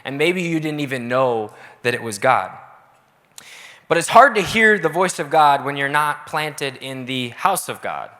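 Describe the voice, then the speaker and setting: A young adult man preaching a casual, energetic youth sermon in a church auditorium, talking directly with the crowd. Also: medium pitch, a little slow. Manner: energetic, casual, audience-engaging. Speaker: youth pastor. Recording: echoey hall.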